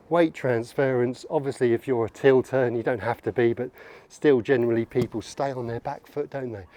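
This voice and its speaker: A man's voice: medium pitch, dark tone. A man coaching golf outdoors, upbeat and encouraging as he demonstrates swings. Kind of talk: on-course golf instruction.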